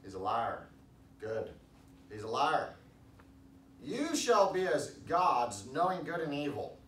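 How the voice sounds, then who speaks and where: A man preaching a casual sermon in a church, rambling with restarts and loud emphatic bursts. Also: mid-range voice, big pitch swings, slow. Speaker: pastor. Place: church hall. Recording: echoey room, distant mic, faint background noise.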